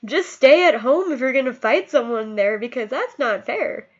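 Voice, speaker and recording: An upset young woman speaks straight to her camera, her fairly high voice rising and falling as she scolds and repeats herself. The sound is dull and lo-fi, like a cheap webcam mic. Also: expressive, normal speed. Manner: impassioned, scolding, repeats words. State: emotional, upset. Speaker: vlogger. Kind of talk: emotional personal vlog.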